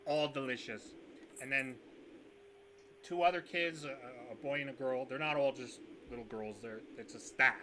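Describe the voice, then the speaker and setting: A man's voice: medium pitch, normal speed, background noise. A man narrating as game master of a tabletop game on a video call, rambling with fillers. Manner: rambling, full of fillers and restarts. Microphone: video call setup.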